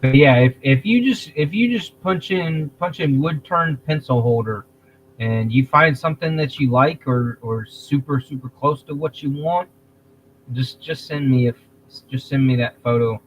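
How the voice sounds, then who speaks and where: A man hosting a casual livestream, talking in a rambling, halting way, restarting phrases and clearing his throat. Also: medium pitch, a little hiss or hum, low-quality recording. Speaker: livestream host.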